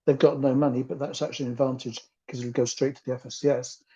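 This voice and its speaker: A man's voice: medium pitch, flat delivery, quick pace, dark tone, breathy edge, highs cut off. A man explaining a point methodically and wryly in a campaign meeting. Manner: analytical, methodical, wry. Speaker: campaign group member.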